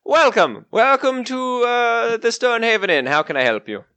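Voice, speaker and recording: A man's voice: high voice, very animated, moderate pace, bright, forceful tone, no echo, voice pushed up, exaggerated voice. A man doing a jovial innkeeper with a wandering accent. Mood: welcoming. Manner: broad put-on accent drifting between British, French and Irish. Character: male innkeeper, friendly, accent keeps slipping.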